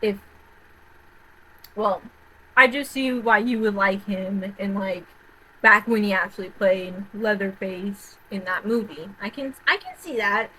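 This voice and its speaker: Woman vlogger, casual profane rant, mid-pitched voice, faint hiss behind her. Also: a little slow, rough recording. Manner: rambling, profane, repeats herself, big swings between loud outbursts and mutters. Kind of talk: casual rant about horror movies.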